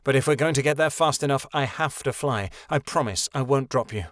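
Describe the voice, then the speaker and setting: A proud, sharp-tongued griffin, a she-creature who talks curtly in a low, even voice, as a man reads her. It is a fantasy audiobook, recorded dry and close. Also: brisk, dry recording, close to an everyday voice. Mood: curt, gruff.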